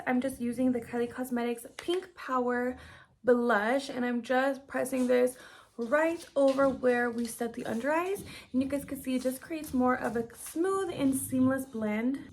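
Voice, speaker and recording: A woman's voice: high voice, a little hiss or hum. A young woman chatting her way through a makeup tutorial and Q&A, bubbly and chatty, sometimes whispering asides. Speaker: beauty vlogger. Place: home room lit by ring lights.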